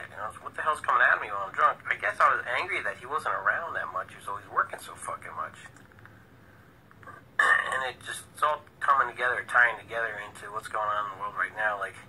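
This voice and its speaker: Rambling male live-streamer, low and sharp-toned, profane and agitated, phone mic at home. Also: breathy edge, low-quality recording. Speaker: vlogger and self-styled presidential candidate. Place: indoors at home.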